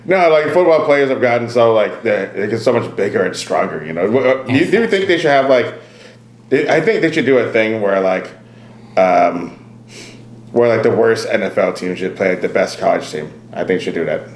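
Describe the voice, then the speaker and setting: A man's voice: on the low side, lively intonation, normal speed. A man co-hosting a casual podcast chat, rambling, laughing often and swearing casually. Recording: echoey room.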